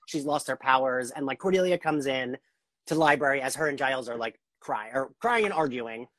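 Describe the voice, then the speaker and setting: A woman's voice: a bass voice, lively intonation, fairly quick, no echo. A young woman hosting a podcast interview over a video call. She talks casually and enthusiastically, rambling with heavy use of "like". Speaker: podcast host.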